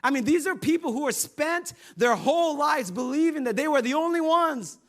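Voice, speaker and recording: Brief: male pastor, lighthearted storytelling sermon, voice sits high. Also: animated, moderate pace, fairly bright tone. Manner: humorous, conversational storytelling.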